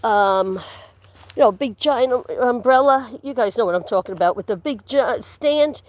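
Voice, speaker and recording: A woman with a somewhat high voice talks on a livestream as she walks outdoors through the woods. She chats casually with her viewers and rambles from one story to the next. She laughs easily and sometimes drops to a whisper. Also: normal speed, no room sound. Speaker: livestream host. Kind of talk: casual chat while walking outdoors.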